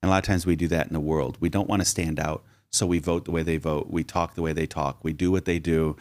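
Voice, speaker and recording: A man's voice: very deep voice, little pitch movement, fast, darkish tone, no room sound, clean studio sound. A man co-hosting a podcast, discussing a Bible story and drawing lessons from it in a teacherly way. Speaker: podcast co-host.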